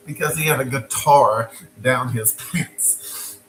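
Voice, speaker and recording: A man casually telling a personal story, animated and repeating himself, with frequent stops and restarts. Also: mid-range voice, measured pace, soft background music, rough recording.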